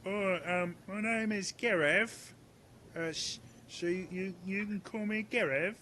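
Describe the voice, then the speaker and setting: A man's voice: high-pitched, a little slow, sharp tone, slight background noise, voice pushed up. A man voicing a nervous, skinny young male guard who stammers meekly. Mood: flustered. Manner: stammering, meek.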